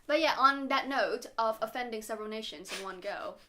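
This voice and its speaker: Bright, high-voiced woman chatting. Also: a little fast, slight background noise. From Vietnam. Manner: giggly, trips over words. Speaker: podcast co-host. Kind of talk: casual chat.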